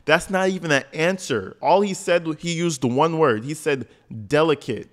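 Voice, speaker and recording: A man's voice: fairly high pitch, moderate pace, hardly any pauses. A man giving profane reaction commentary, blunt, crude and mocking.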